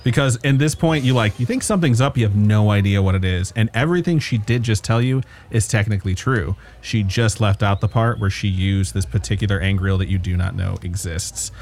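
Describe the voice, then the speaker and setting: A man's voice: on the low side, fairly quick, few pauses, darkish tone. A man narrating as game master in a casual, joking manner, swearing now and then.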